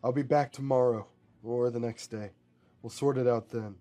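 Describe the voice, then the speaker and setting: A man voicing a gruff older bounty hunter who talks slowly and evenly. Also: mid-range voice, steady tone, mellow, faint music behind, close to an everyday voice.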